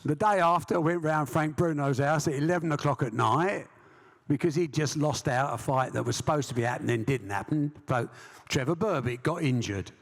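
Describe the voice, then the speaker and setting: Brash English promoter spinning yarns onstage; long hall echo. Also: male voice, fairly high pitch, normal speed. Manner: brash anecdotal storyteller, acts out voices. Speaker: sports promoter, interview guest. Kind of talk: storytelling interview. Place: live stage event.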